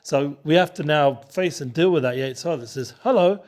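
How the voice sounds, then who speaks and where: A man's voice: a little high, fairly quick. A man teaching a Torah study session and hosting the show, talking loosely with many restarts and mixing in Hebrew and Yiddish terms.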